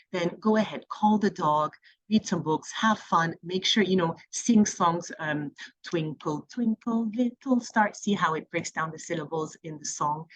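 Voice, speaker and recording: A woman training reading volunteers, talking through classroom activities in a relaxed, conversational way with plenty of fillers. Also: low voice, poor audio. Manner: conversational teaching with fillers and playful classroom examples. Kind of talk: training presentation.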